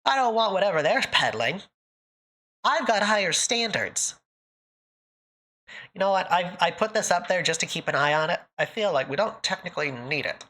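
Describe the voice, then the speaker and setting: Bright, lively woman streamer. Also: on the low side, normal speed, pauses often. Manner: emotional, near tears, laughing often. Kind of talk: casual live-stream chat.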